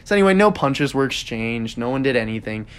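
A man's voice: mid-range voice, fairly quick, clear, resonant tone. Young man ranting casually about sports. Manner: rambling, animated opinions with many fillers. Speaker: podcast host.

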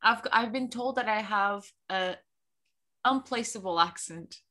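Bright-voiced woman from Portugal. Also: medium pitch, unhurried. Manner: chatty, animated, self-mocking. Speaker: book podcast co-host. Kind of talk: casual chat.

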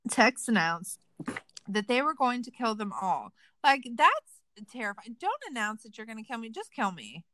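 On a casual true crime podcast, a woman host talks at a normal speed in a higher-pitched voice, animated, sarcastic and swearing freely. The recording is rough, with no room sound.

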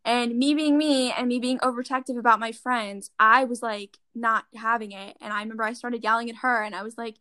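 Teen girl, chatty storyteller, bright and close-miked. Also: on the high side, fairly quick, few pauses, no echo. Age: teens. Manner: chatty, fillers like "like", animated retelling. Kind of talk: casual chat.

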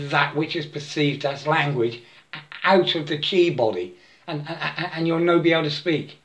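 A man giving a halting, repetitive spiritual monologue, breaking into chanted mantras and laughing to himself. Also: fairly high pitch, a bit bright.

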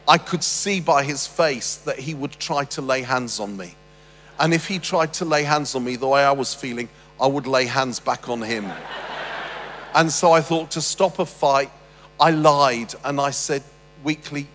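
A man's voice: mid-range voice, measured pace, fairly bright tone, in a large hall, slight background noise. A man telling a humorous personal story on stage, rambling and self-deprecating with stammered restarts. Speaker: speaker.

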